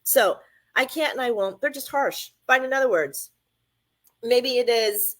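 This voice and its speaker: A woman's voice: fairly high pitch, measured pace. A woman hosting a radio talk show, speaking in an emphatic, conversational way that repeats phrases for stress.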